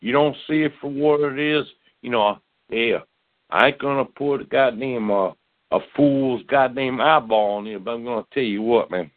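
A male caller ranting in a halting, profane way on a phone line. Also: mid-range voice, no echo. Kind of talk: angry phone rant.

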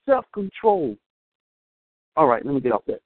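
A man preaches with a bright, high voice that leaps up and down in pitch. He jokes and calls out to the congregation as he goes. The sound is thin and phone-like, with no room echo. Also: moderate pace. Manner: animated, humorous preaching with call-outs to the congregation. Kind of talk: sermon.

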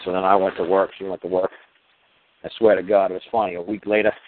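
Low-voiced, profane New storyteller. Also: male voice, steady tone, fast. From New York. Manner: profane, rambling, many fillers and restarts. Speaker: podcast host. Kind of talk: casual storytelling monologue. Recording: tinny phone-like sound.

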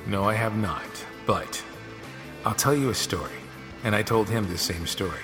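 Man with a low voice, echoey podcast. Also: normal speed. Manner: animated, acts out quoted dialogue. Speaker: podcast host. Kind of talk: casual storytelling monologue. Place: home office studio. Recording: long reverb with music behind.

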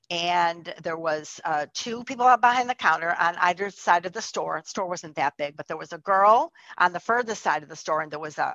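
A woman's voice: on the low side, fairly bright tone, dry recording, highs cut off. A woman telling a personal testimony in a chatty way, full of likes and restarts. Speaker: storyteller.

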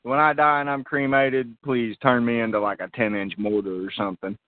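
A man's voice: medium pitch, steady tone, brisk, no room sound. A man telling a story in casual chat, repeating himself as he restarts. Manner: repetitive, with restarts. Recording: tinny phone-like audio with faint noise.

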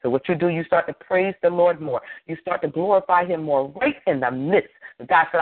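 A man's voice: a little high, a little fast, few pauses. Fervent male pastor preaching on a tinny line. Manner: emphatic preaching with repeated phrases and call-and-response. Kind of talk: sermon. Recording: tinny phone-like dry sound.

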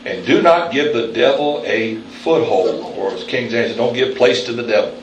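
A man preaching a sermon in a church, calling on the congregation for responses and jumping up in pitch for emphasis. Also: normal speed, lo-fi sound, a little hiss or hum. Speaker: pastor. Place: church sanctuary. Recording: very echoey room, mic at a distance.

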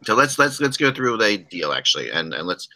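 Bright-voiced man hosting a hockey podcast. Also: lowish voice, very animated, brisk, rough recording. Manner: rambling, restarts often, joking. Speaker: podcast host. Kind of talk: casual hockey podcast chat.

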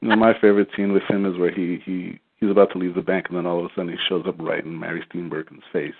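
A man co-hosting a podcast, chatting in a fast, matter-of-fact way. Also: low voice, level tone, no echo. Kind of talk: casual chat. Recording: tinny phone line with faint noise.

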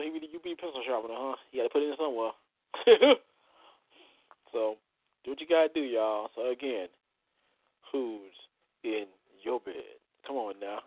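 A man's voice: mid-range voice, dry recording. A man hosting a call-in radio show, joking, bawdy and laughing often. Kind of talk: call-in internet radio chat. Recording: phone-line audio with faint hiss.

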